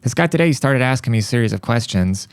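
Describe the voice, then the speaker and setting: A young man hosting a podcast, telling a story in a rambling, profane, animated way. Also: medium pitch, fast, smooth, no echo. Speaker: podcast host. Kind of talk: casual monologue.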